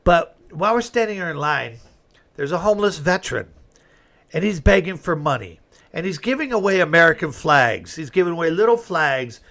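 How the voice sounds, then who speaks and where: A man's voice: fairly high pitch, very animated, a little fast, vocal fry, a bit bright. A middle-aged man hosting a talk show, giving a rambling, folksy opinion monologue that flares up when he gets indignant. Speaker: host.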